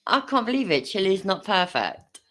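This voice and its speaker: A woman's voice: mid-range voice, sing-song, normal speed, a bit bright. A woman hosting a live stream, reacting to a video with blunt, sarcastic commentary and plenty of swearing. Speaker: livestream host reacting to a video.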